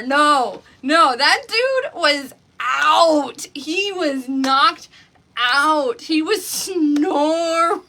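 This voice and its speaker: A woman with a high, bright voice hosts a craft livestream, chatting straight to her viewers. She tells stories in a lively, talkative way and laughs easily as she goes. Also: slow pace. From Oklahoma, USA. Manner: chatty storyteller, laughing often, addressing viewers directly. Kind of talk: casual chat on a livestream.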